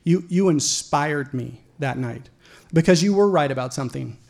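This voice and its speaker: A middle-aged man telling a personal story live, wry and animated, rising to loud outbursts. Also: on the high side, normal speed, vocal fry.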